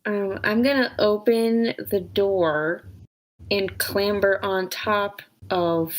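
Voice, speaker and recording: A woman's voice: mid-range voice, steady tone, slow, slight background noise, low-quality recording. A woman playing a tabletop game, chatting and describing her character's actions. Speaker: player.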